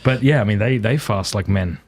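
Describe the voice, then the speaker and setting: A man, a podcast host talking in a relaxed, conversational way with a guest. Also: fairly low pitch, fairly quick, gravelly, slightly rough. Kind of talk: casual chat.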